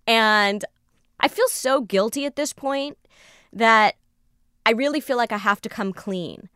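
A woman's voice: fairly high pitch, unhurried, clear, resonant tone, no echo, clean studio sound. A woman recounting a personal story in conversation, acting out the lines of the people in it. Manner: animated, re-enacts dialogue. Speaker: storyteller guest.

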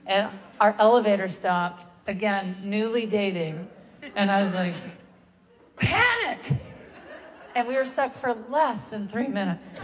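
A woman stand-up comedian telling a story live on a theater stage, in a halting, rambling, self-interrupting way. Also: mid-range voice. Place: theater stage before a laughing audience. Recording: long hall reverb, loud crowd and noise.

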